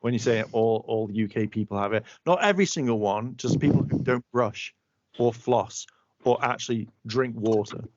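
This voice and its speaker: A man's voice: mid-range voice, normal speed, a little mellow, dry recording. A man co-hosting a podcast, telling a rambling story in casual chat and swearing freely. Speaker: podcast co-host. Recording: dull, muffled audio.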